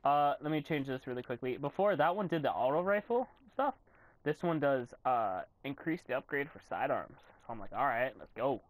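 A young man giving casual commentary while playing a video game, swearing and yelling in frustration. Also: medium pitch, animated, normal speed. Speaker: gamer commentator.

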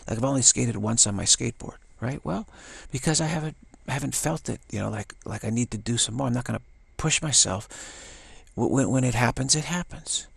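An older man giving a casual spiritual talk, rambling and halting with many restarts and playful acted-out quotes. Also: medium pitch, creaky, slightly rough, no room sound. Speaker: spiritual teacher.

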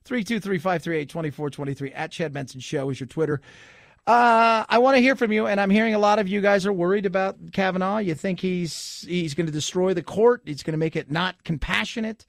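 A man's voice: sits high, brisk, gravelly, no room sound, clean studio sound. A middle-aged man hosting a radio talk show, chatting casually with joking, sarcastic asides. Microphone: studio microphone.

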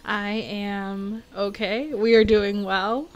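A young woman giving rambling, giggly, excitable casual commentary while she plays a video game, with faint game music behind her. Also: mid-range voice, slow pace, highs cut off. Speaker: gaming video creator.

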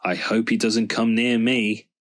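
A man voicing a gentle, prim old female car in a storybook reading, with a fussy, easily shocked manner. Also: on the low side, little pitch movement, measured pace.

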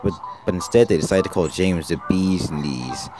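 A man narrating a children's story about engines in a brisk storytelling manner. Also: low voice. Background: music.

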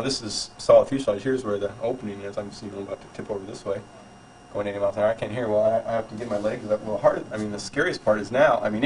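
A man telling the story of his skydive in a casual way, animated and full of fillers and restarts, recorded on an old home camcorder. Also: lowish voice. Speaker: skydiver recounting his jump. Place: private home. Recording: 1990s home camcorder, mic at a distance, faint noise.

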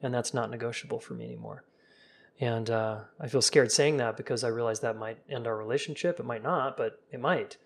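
A man coaching on relationships in a relaxed, casual live-stream chat, talking straight to viewers and softening his voice when he acts out calm sample talks. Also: medium pitch, brisk.

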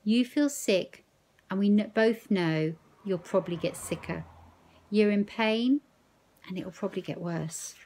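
A woman's voice: medium pitch, measured pace, darkish tone. A woman reading a novel aloud, voicing an elderly grandmother who speaks earnestly and coaxingly. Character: elderly grandmother, gentle but firm.

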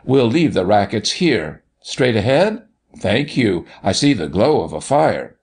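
A man voicing a blustering country doctor who booms in feigned rage to amuse children, in a storybook reading. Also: sing-song, unhurried, darkish tone. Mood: cordial. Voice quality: big booming voice, feigned rage. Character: blustering middle-aged male country doctor, mock-fierce.

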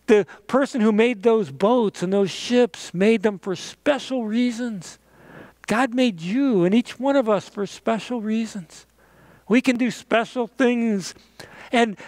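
A pastor telling a children's message story and ending in prayer, gentle and animated with playful sound effects. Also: male voice, high voice, dry recording.

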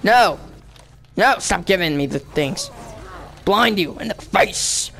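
A young man talks over his gameplay at an unhurried, drawn-out pace. His chatter is full of fillers and trailing thoughts. He bursts into loud yelling and frustrated screaming whenever the game turns on him. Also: sits high, animated, slight background noise. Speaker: gaming channel host. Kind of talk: let's play commentary.

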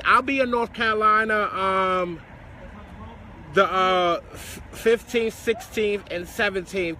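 Sassy, high-voiced male live-streamer. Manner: sassy and dramatic, with many endearments and loud swearing. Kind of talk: casual live-stream chat. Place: outdoors on a city street. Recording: busy street crowd noise.

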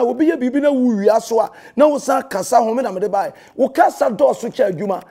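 A man's voice: very high-pitched, quick pace, few pauses, warm tone. A Ghanaian man, a pastor, delivering a heated and confrontational rebuttal that scolds a rival and mixes in English phrases.

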